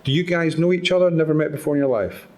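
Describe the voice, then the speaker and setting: A man's voice: on the high side, fast talker, a little mellow. A Scottish man giving an engaging live talk at a conference, drawing the audience into participation. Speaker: conference speaker. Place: conference hall.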